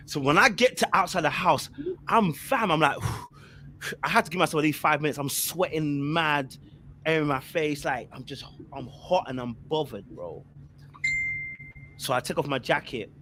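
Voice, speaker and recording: Young guy on a podcast, bright forceful voice, kinda high, spins a long story full of slang and repeats. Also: a little hiss or hum. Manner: animated, repetitive, slangy storyteller. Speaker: podcast panelist. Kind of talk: casual storytelling.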